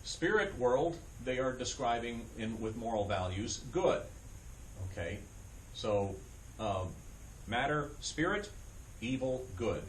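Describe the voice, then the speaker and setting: A man's voice: mid-range voice, lively intonation, slow pace, slight background noise. A man giving a conversational Bible study lecture at a church, often checking in with his listeners and adding dry asides. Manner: loose, with frequent fillers and dry asides.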